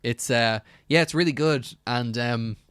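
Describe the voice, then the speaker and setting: A man's voice: medium pitch, measured pace, a bit bright, clear, resonant tone, dry recording, studio quality. A man co-hosting a podcast in casual chat, laid-back and agreeable, with lots of fillers. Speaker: podcast co-host.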